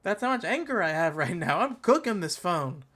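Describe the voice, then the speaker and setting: A man's voice: sits high, very animated, normal speed, fairly bright tone. A man hosting a tech channel, giving live commentary on a product event in a casual, slangy, joking rant and talking to his chat. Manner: ranting, joking, exaggerated mockery.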